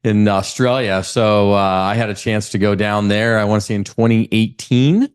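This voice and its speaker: Energetic male real estate guest. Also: fairly low pitch, moderate pace, smooth. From California. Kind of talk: casual interview.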